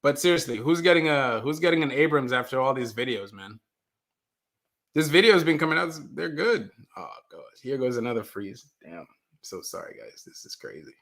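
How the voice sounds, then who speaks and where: A man hosts a casual live stream from a basement, in a voice of ordinary middle pitch. He chats loosely with his viewers and reads their comments aloud. He keeps apologizing whenever the stream freezes. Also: lively intonation, brisk, fairly bright tone. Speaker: livestream host. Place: mother's basement.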